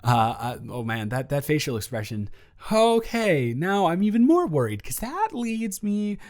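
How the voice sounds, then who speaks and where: A man's voice: on the high side, wildly swooping pitch, unhurried, darkish tone. Nervous, stammering young man in audio role-play.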